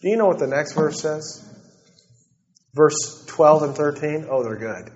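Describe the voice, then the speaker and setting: A man preaching a sermon, dropping to soft, slow assurances and then building to fervent, rising declarations. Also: a little high. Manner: swings between soft, slow, intimate passages and rising, fervent ones. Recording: dull lo-fi recording.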